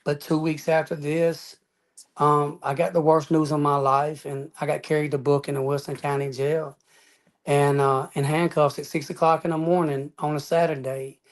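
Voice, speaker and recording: Earnest man, slightly high voice. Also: flat delivery, normal speed. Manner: earnest, emphatic, peppers speech with "man" and "y'all". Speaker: interview guest. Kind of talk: personal testimony storytelling.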